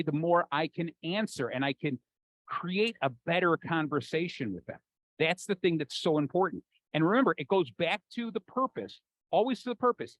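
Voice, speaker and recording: A man with an American accent giving an animated, jokey conference talk, acting out the voices in his head. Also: fairly high pitch, dry recording, rough recording. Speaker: keynote speaker. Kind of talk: conference talk to a live audience.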